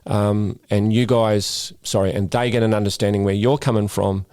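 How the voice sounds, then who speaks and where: Middle-aged Australian man, ex-cop guest speaker, lowish voice, dry sound, casual storyteller with lots of restarts. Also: fairly even intonation, normal speed, darkish tone, clear, resonant tone, no echo. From Western Australia. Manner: chatty storyteller, repeats words when starting sentences. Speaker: guest speaker, former police officer. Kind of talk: casual podcast interview.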